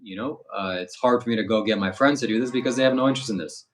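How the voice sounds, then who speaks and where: A man who hosts spiritual retreats, speaking calmly and earnestly with hesitant fillers. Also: mid-range voice, racing, a little hiss or hum. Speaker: spiritual streamer and retreat host. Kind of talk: casual chat.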